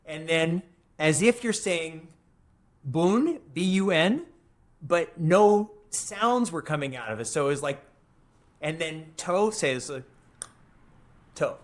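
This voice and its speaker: Male guest, emphatic, repeats phrases for effect, slightly high voice. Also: expressive, a little slow. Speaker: historian and futurist guest. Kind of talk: podcast interview.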